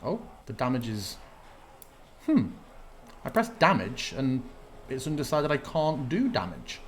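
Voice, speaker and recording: A man's voice: mid-range voice, big pitch swings, unhurried, slight background noise. Man running a tabletop game. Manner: thinks aloud while checking rules. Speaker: game master.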